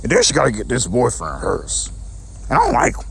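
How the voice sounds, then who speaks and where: A man's voice: mid-range voice, huge pitch swings, fast, gravelly, a bit bright, slight background noise. A young man venting to his viewers in a repetitive, aggrieved way, often stumbling and restarting his sentences. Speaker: vlogger. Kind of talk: personal rant to camera.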